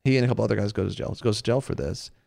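Gravelly Southern man, chatty host. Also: on the low side, rapid-fire, dry recording, clean studio sound. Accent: American Southern. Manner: animated storyteller, acts out quotes. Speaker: radio show host. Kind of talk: casual faith talk show chat.

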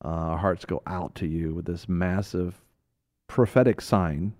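Low-voiced, laughing Christian talk host. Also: male voice, measured pace. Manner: animated storyteller, laughs often. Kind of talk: casual Bible teaching chat.

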